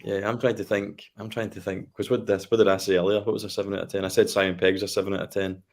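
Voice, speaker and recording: A man's voice: deep voice, little pitch movement, fast talker. A man with a Scottish accent chatting casually, thinking aloud and asking questions. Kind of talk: casual chat.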